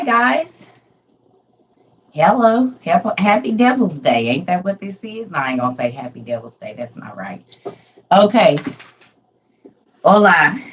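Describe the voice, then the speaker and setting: A woman's voice: sits low, slight background noise, rough recording. A middle-aged woman, hosting a casual livestream from home, telling stories with lots of laughter before a Bible message. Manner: animated storyteller, laughs often. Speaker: livestream host and Bible teacher.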